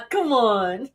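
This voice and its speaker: A woman streamer chatting casually and reacting, often laughing. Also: high-pitched. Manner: chatty, giggly, conversational.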